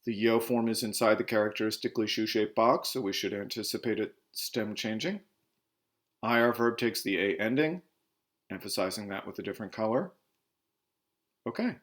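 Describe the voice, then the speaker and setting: In this slide lesson, a man teaching Spanish speaks at a moderate pace in a voice on the low side, a bit bright. He goes over verb endings, spells each stem letter by letter, and alternates between Spanish and English.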